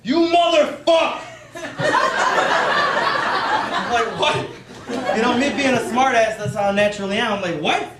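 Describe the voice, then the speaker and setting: A young man works through a stand-up set in a loose, rambling way, filling gaps with fillers. His voice sits very high for a man. He sounds distant in an echoey room, and loud background noise runs under him. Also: measured pace, long pauses. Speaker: stand-up comedian.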